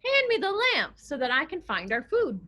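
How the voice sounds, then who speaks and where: Woman voicing little female mouse, cheerful, reassuring, high squeaky pitch, lively swings. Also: moderate pace, exaggerated voice. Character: small patient female mouse.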